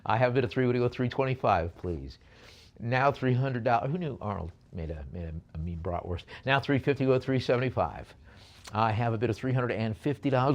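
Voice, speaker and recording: A man's voice: medium pitch, expressive, brisk, dull audio. A man working as an auctioneer, calling out bids at a live auction and slipping in jokey asides between lots.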